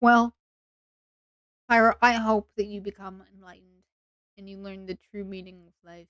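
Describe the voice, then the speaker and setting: A woman chatting on a live stream, rambling, joking and mocking herself, with sudden loud whiny bursts, on a close desk microphone. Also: mid-range voice, steady tone, moderate pace, smooth, dry recording, muffled recording. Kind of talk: casual live-stream chat.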